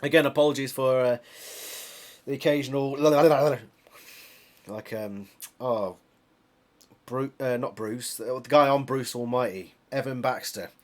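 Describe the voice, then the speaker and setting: A man's voice: mid-range voice, slow, long pauses, darkish tone. A British man reading a novel aloud, breaking off into chatty, laughing asides and correcting himself as he goes. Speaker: reader of a book series.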